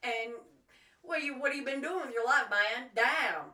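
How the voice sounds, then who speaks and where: A woman from the American South with a Southern twang, co-hosting a true crime podcast with crude, deadpan jokes. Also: high voice, normal speed, echoey room, recorded from a distance, a crowd in the background, rough recording. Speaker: podcast co-host.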